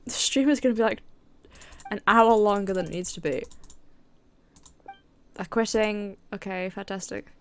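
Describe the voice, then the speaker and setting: A woman's voice: medium pitch, moderate pace, long pauses, smooth. A British woman streaming a game, talking casually, exasperated and swearing, sometimes muttering under her breath. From Britain. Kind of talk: casual gameplay commentary.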